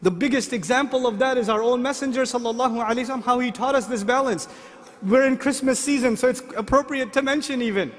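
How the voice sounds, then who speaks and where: Middle-aged guy preaching, real high voice, lots of questions to the crowd, long reverb like a big hall. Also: fast. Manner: rhetorical questions to the audience, animated. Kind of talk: sermon.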